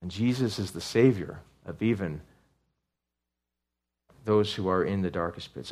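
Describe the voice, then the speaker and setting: Earnest preacher with fervent swells. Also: male voice, lowish voice, unhurried, long pauses. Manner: earnest, rising to fervent outbursts; conversational, with restarts and asides to the congregation. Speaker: pastor. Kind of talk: sermon.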